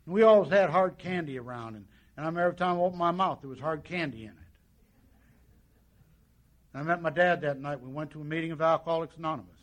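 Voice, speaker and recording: A man's voice: a little high, fast talker. A man sharing his personal recovery story at a meeting, in a folksy storytelling way with lots of quoted dialogue. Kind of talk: personal testimony to an audience.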